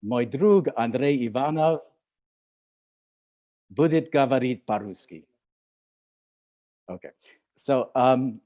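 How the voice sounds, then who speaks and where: An older man, a film director, is the guest speaker in a relaxed video-call talk to an audience. His medium-pitched voice is warm and expressive; he goes slowly, pauses often, and hesitates with plenty of fillers, restarts and chuckles.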